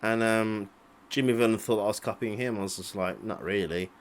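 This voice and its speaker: A man's voice: fairly low pitch, fairly even intonation, a little fast, noisy background. A man in his late twenties giving casual, rambling commentary over old video clips, swearing freely and chuckling to himself. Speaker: vlogger.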